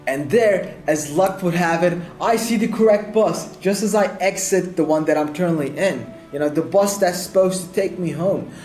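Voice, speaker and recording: A man tells a personal story with big swings, climbing high when he gets excited and dropping low when it turns grim. His voice is a touch high for a man. The room around him is echoey, with faint music playing underneath. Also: normal speed, few pauses. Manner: animated, swings between excited rises and low sad murmurs. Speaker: video editing YouTuber. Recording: roomy echo with faint music bed.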